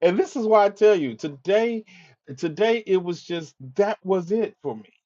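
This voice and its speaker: Live-stream host, male, angry and weary monologue with swearing, slightly high voice, dull audio. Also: normal speed, warm tone. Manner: exasperated ranting with repeated phrases and swearing.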